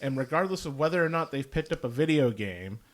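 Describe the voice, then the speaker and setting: Animated young man with lively pitch. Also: fairly quick. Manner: animated, acts out anecdotes with sound effects. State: sleepy. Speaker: podcast co-host. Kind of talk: casual podcast chat.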